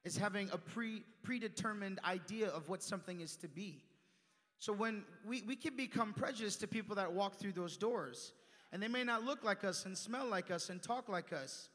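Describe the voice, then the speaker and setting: A young man preaching with a high, bright, ringing voice that jumps from loud emphasis down to quiet asides. His sermon carries a long reverb off the church walls. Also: normal speed. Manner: animated, swings from loud emphasis to hushed asides. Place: church sanctuary.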